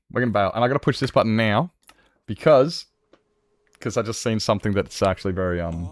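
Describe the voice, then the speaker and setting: A young Australian man chatting casually on a game stream, blunt and rambling, swearing freely as he talks to his viewers. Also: fairly low pitch. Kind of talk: casual live-stream chat.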